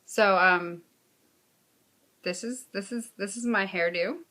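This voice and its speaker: Brief: woman co-host, bright tense tone, encouraging and chatty. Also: medium pitch. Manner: supportive, quick interjections. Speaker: podcast co-host. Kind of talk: casual chat.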